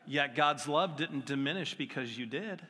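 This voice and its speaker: A man's voice: a little high, expressive, moderate pace, sharp tone. A middle-aged man preaching a sermon in a conversational, self-deprecating way with playful asides. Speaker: pastor. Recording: long hall reverb with faint music.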